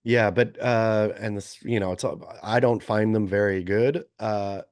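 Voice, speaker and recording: A man's voice: lowish voice, steady tone, normal speed, smooth, no echo, studio quality. A man in his forties co-hosting a podcast, chatting casually and rambling through opinionated asides with frequent self-corrections. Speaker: podcast co-host. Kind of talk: casual chat.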